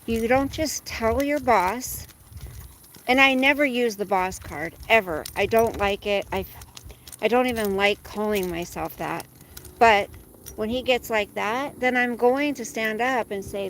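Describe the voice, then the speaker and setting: Woman, fairly high voice, chatty and venting, outdoors, faint street noise. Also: a little slow, a bit bright, low-quality recording. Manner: chatty, venting, breaks off to coax her dog. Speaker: vlogger walking her dog. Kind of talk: casual chat.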